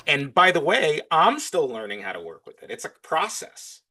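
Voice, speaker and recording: This is a man guesting on a podcast, speaking at an ordinary mid pitch. He chats easily and with enthusiasm. He slips into little acted-out exchanges as he talks. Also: big pitch swings, moderate pace, bright, forceful tone. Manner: enthusiastic, acts out his own back-and-forth dialogue. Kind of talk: casual interview chat.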